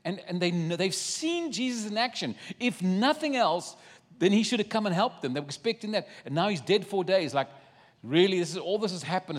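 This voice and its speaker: Man, preacher, sermon, animated storytelling, slightly high voice, echoing hall. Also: normal speed. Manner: animated storytelling, acting out scripture scenes.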